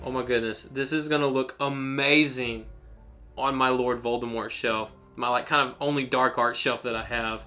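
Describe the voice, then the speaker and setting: A man's voice: medium pitch, steady tone, normal speed, bright, forceful tone, faint music behind. A man hosting an unboxing video, talking in an enthusiastic, rambling way as he gushes over each item. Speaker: unboxing channel host. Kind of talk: excited unboxing commentary.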